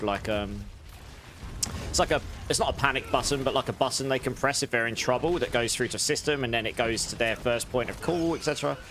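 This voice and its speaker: A British man chatting on a livestream, his medium-pitched voice loose and rambling as he stops and restarts his sentences. There is a faint background hum behind him. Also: fairly bright tone. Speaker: streamer. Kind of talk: casual livestream chat.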